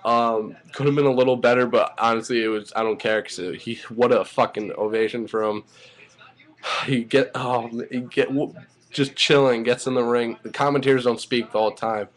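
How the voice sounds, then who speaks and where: A man giving a casual spoken recap of a wrestling show, rambling and excitable, swearing freely as he goes. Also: medium pitch, normal speed.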